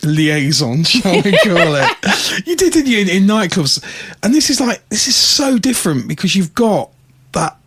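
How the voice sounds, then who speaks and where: A man's voice: high-pitched, sing-song, unhurried, fairly bright tone, breathy edge. A male podcast host in casual chat, friendly and chatty, leading the guest along.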